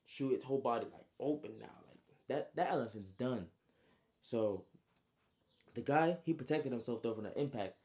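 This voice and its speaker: A man casually recapping his own story, slangy and animated, with frequent asides. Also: medium pitch, moderate pace.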